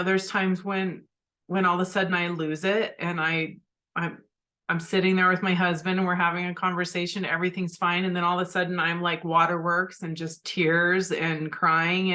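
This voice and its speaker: A woman's voice: fairly low pitch, little pitch movement, normal speed, bright, forceful tone. A middle-aged woman hosting a spiritual podcast, speaking in an earnest, heartfelt and reflective way. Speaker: podcast host.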